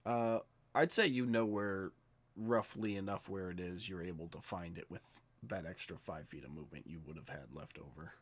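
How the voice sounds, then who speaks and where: Game master, man, low voice, matter-of-fact, calm rulings. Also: normal speed. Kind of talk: narrating a tabletop game online.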